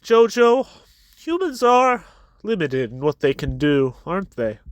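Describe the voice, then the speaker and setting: A man's voice: high-pitched, very animated, a little slow, no room sound. A man reading the lines of a smug, scheming young male villain from a comic, quoted in a casual recap. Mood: sly.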